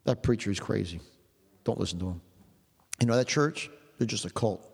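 A sly low-voiced tempter, as a preacher puts him on. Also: male voice, moderate pace, vocal fry, husky. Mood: coaxing. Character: sly male tempter whispering doubts. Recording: long hall reverb.

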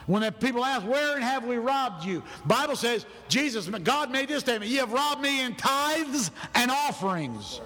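A man preaching a sermon in a church, animated and loud, acting out people's excuses in his own voice. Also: extremely high pitch, moderate pace, hardly any pauses. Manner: animated, shouting, acts out other people's excuses. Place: church sanctuary. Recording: long hall reverb in a church.

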